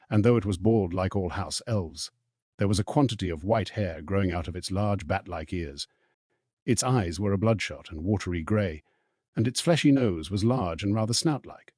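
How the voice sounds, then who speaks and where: A man reading a novel aloud as narrator, in an even, measured way. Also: low-pitched, slightly rough, no echo, studio quality. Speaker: audiobook reader. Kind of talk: scripted narration.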